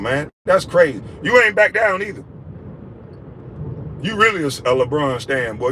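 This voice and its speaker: A man's voice: on the high side, fairly bright tone, slight background noise, low-quality recording. A man delivering an angry, profane, repetitive scolding rant aimed at a critic. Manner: scolding, repetitive, heavy cursing. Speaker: vlogger ranting at a critic.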